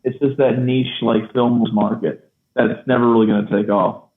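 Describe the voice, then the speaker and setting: A man's voice: mid-range voice, moderate pace, echoey room. Chatty man on a tinny line. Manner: animated, laughs often. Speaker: podcast co-host. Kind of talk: casual film discussion.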